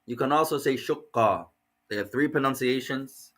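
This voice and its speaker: Bright-voiced male teacher, encouraging. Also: medium pitch, a little fast. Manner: encouraging, repeats and explains patiently. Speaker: language teacher. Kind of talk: online class instruction.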